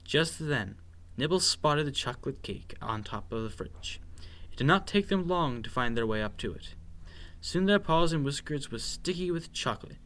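A man reading a children's picture book aloud in an expressive, playful, sing-song way. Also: a little high, moderate pace. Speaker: storyteller.

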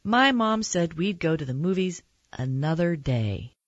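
Gentle, slow woman reading a picture book. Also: lowish voice, no room sound, lo-fi sound. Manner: gentle, expressive read-aloud with character voices. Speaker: storyteller.

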